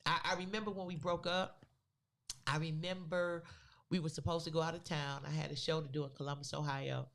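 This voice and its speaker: A woman co-hosting a podcast, telling a personal story in a casual, animated way with loose, vernacular phrasing. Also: deep voice, a little fast, creaky. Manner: animated, acts out the people in her story. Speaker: podcast co-host.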